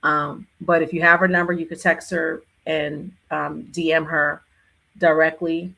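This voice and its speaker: Woman livestream host, lowish gravelly voice with a husky rasp, casual and affectionate. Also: little pitch movement, measured pace, bright, forceful tone. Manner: affectionate, repeats loving farewells. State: tearful near the end. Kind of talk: casual live Q&A chat.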